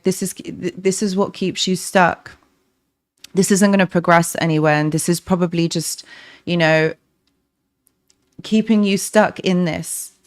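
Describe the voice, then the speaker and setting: A woman from North London, her London accent smoothed toward a posher tone, speaks on a live stream. Her voice sits a little low as she reads out viewers' messages and answers them gently. She talks directly to people in the chat and often breaks off and restarts her sentences. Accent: London, softened. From North London, England. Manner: warm encouraging, talks to chat by name, many restarts. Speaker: relationship coach, livestream host.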